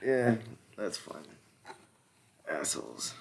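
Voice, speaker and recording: A man's voice: fairly low pitch, big pitch swings, slow, creaky, slight background noise. A man co-hosting a podcast in casual chat, laughing often and swearing between rambling fillers. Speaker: podcast co-host.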